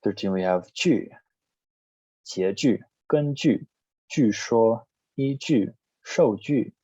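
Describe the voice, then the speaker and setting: A man teaching a recorded language lesson, reading word lists one item at a time in a plain, steady way. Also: medium pitch, takes it slowly, husky, no room sound. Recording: slightly dull lo-fi recording.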